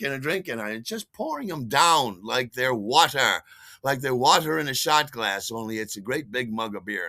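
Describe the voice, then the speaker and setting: Male storytelling host, self-mocking and animated, gravelly, swinging pitch. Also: no room sound. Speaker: podcast host. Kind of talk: comic first-person storytelling.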